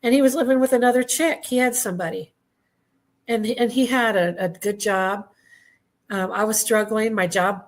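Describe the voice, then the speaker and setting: A woman guest who is an Army veteran, speaking candidly in a halting way and often clearing her throat. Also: mid-range voice. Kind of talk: personal testimony in conversation.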